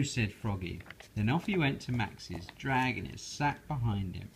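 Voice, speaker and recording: A father slowly reading a bedtime storybook aloud to his daughter, gentle and lively. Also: on the low side, vocal fry, a little hiss or hum, poor audio.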